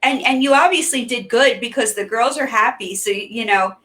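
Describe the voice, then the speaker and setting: A woman hosting a relaxed interview, circling around her questions with fillers and restarts. Her voice sits a little higher than most. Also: moderate pace. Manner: warm, rambling questions with many fillers. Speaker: host. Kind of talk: casual interview chat.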